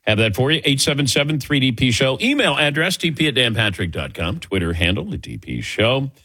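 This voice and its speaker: A middle-aged man from the Midwest hosts sports radio banter, laughing easily and telling stories with a lively, swooping delivery. His voice is husky and dry. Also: medium pitch, brisk, no room sound. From American Midwest. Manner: jokey, laughs easily, animated storytelling. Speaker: radio show host.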